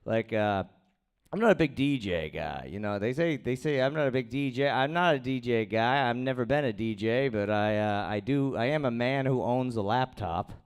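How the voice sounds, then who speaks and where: A man's voice: mid-range voice, normal speed, smooth. A man doing a crude, rambling, self-deprecating stand-up set at an open mic in a small comedy room, speaking into a handheld stage mic.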